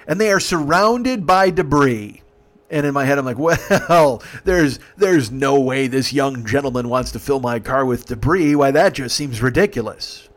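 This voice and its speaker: Rambling, profane storytelling man. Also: mid-range voice. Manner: rambling, profane, acts out dialogue. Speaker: podcast host, rideshare driver. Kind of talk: casual comic storytelling.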